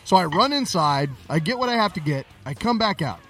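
A man with a high, very lively voice rants through a story on a chatty podcast, his tone swinging up and down as he goes. Faint music sits far behind him. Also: fairly quick. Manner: animated anecdote telling, ranting. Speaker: podcast co-host. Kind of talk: casual comedic banter.

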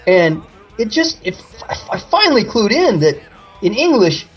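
A man co-hosts a podcast in a casual, wry chat, often laughing. His voice is husky, and his pitch swings in a lively way. The recording sounds dull and lo-fi. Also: moderate pace, faint music behind. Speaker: podcast co-host.

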